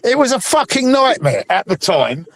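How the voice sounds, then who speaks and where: High-voiced man, blunt banter. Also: very animated, moderate pace, a bit bright. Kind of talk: casual chat.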